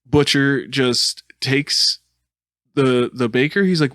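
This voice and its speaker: A man's voice: mid-range voice, slow, no echo, clean studio sound. A man co-hosting a podcast, telling a made-up story in casual chat with lots of laughs. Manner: animated storytelling with laughs and silly put-on voices. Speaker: podcast co-host.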